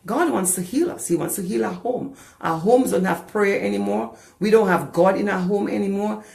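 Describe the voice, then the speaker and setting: A woman's voice: mid-range voice, normal speed, vocal fry, a little mellow, reverberant. A woman from the Caribbean preaching a sermon as a pastor, passionate and repeating phrases for emphasis. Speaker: pastor and deliverance minister.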